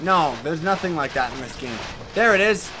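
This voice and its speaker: A man doing let's play commentary, loud and excitable, often yelling at enemies. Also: fairly high pitch, moderate pace, background noise.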